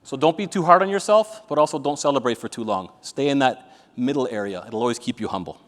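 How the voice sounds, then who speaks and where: A man's voice: mid-range voice, expressive, fast talker. A man giving a live motivational talk to an audience, blunt and profane, telling jokey stories. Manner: blunt, profane, joking storyteller. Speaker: motivational speaker. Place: event venue with an audience. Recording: reverberant event hall.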